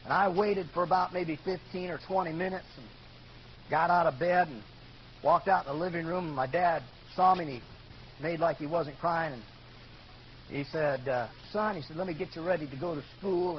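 An older man telling a personal story in a sermon, earnest and building to loud outbursts. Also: high voice. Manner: earnest storytelling, rises to shouting when quoting. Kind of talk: sermon testimony. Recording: dull lo-fi recording with faint noise.

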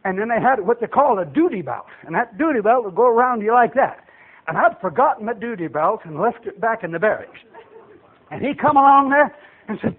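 High-voiced folksy preacher on tinny radio. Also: male voice, big pitch swings, a little fast, slightly rough. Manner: folksy, acts out voices, builds to shouts. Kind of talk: storytelling sermon. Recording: tinny phone-like radio broadcast.

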